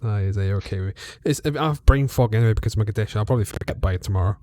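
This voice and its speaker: A man's voice: fairly low pitch, racing, mellow, dry recording. Joking man at the game table. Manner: joking, playful. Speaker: player. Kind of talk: casual chat at the game table.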